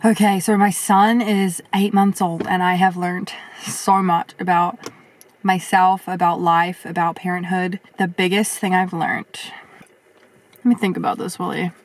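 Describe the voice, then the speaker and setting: A young woman vlogging casually as she answers viewer questions, chatty and reflective, with lots of fillers and a voice that turns a little husky at times. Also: on the low side, level tone, unhurried. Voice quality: sometimes husky. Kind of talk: casual chat.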